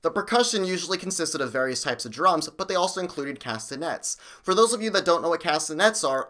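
A man hosting a music theory lesson, explaining with an energetic, bouncy delivery. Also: medium pitch. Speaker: music theory teacher and host. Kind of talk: upbeat video music lesson.

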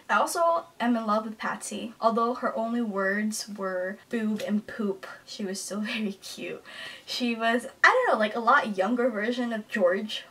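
A young woman in a casual book-review vlog, gushing and giggling, sometimes dropping to a hushed near-whisper. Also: mid-range voice, far from the mic, slight background noise. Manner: gushing and giggly, drops to a hush at times. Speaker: book vlogger.

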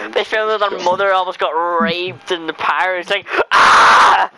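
A man in casual chat with friends, laughing often, swearing and acting out shouted quotes. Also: high-pitched, fairly even intonation, normal speed, noisy background. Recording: friends chattering behind.

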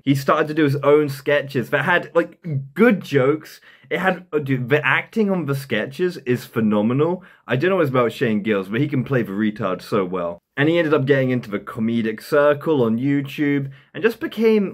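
Rambling young man doing commentary. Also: medium pitch. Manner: rambling, laughs at his own jokes. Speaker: commentary YouTuber. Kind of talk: casual comedic commentary.

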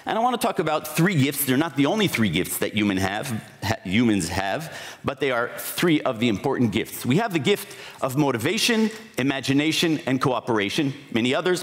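A man giving a conference talk, explaining ideas in a reflective way with occasional restarts. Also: mid-range voice. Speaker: conference speaker. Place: conference hall. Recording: hall reverb.

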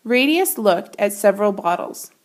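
A woman's voice: mid-range voice, sing-song, moderate pace. A woman teacher reading a children's picture book aloud and explaining math concepts with patient clarity.

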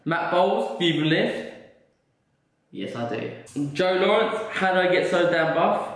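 A man's voice: sits high, expressive, normal speed, a bit bright. A young man answering viewers' questions in a casual, joking vlog. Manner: chatty, joking, swears casually. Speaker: vlogger and fitness coach. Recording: very echoey room.

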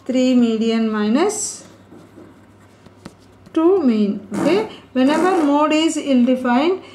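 Woman teacher, high voice, explains step by step, quizzes the class, roomy echo. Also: lively intonation, slow pace, background noise. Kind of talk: whiteboard statistics lesson. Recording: echoey room.

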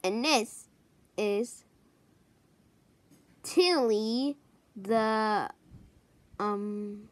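A woman introducing a row of toys one by one, hesitant and pausing often to search for their names. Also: fairly high pitch, no room sound. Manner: hesitant, many pauses and ums. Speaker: toy show presenter.

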